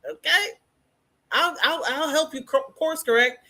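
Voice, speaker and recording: A woman hosting a casual hair care livestream, teaching and teasing viewers by name in an animated way. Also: high-pitched, measured pace.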